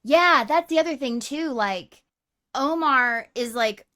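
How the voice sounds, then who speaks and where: Female podcast co-host, lively and profane, fairly high voice. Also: slow pace. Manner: animated, swears, laughs easily. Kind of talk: casual movie review chat.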